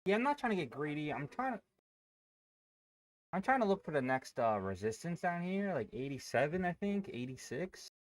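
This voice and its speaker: A man's voice: fairly high pitch, very animated, normal speed, dry recording. Joking man hosting a trading stream. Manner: joking, loose and profane. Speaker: day-trading livestream host. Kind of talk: casual livestream chat.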